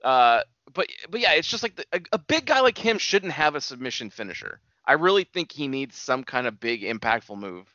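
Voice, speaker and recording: A man hosting a casual chat in a relaxed, rambling way. His pitch moves around a lot and his tone is bright. The sound is dry and lo-fi. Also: fairly quick, few pauses, dry recording. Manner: relaxed, rambling, with lots of fillers. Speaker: podcast host. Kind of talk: casual chat about wrestling.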